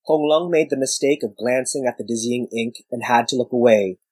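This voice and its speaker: A man giving measured scripted narration of a story. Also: mid-range voice, darkish tone, breathy edge, dry recording, low-quality recording.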